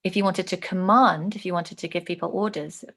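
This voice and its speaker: A woman teaching an online lesson on speech delivery, clearly demonstrating phrases with changing intonation. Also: on the low side, fairly even intonation, fairly quick, fairly bright tone.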